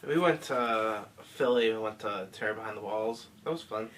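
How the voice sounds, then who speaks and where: A man's voice: fairly low pitch, moderate pace, fairly bright tone. A young man co-hosting a podcast, telling stories in casual chat and laughing as he goes. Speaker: podcast co-host.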